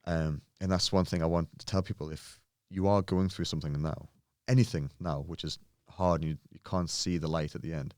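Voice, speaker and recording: Low-voiced guy telling stories on a podcast, earnest, dry close sound. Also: steady tone, a little fast, few pauses, darkish tone, dry recording. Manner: earnest, mimics others' voices in anecdotes. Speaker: podcast guest, pro bodybuilder. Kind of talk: casual conversation, storytelling.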